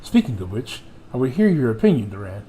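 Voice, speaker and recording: A man's voice: mid-range voice, big pitch swings, brisk, warm tone, slight background noise. A man streaming a video game who reads the cutscene dialogue aloud in a theatrical way and jokes with his chat between lines. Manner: theatrical reading, playful asides to chat. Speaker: gaming streamer.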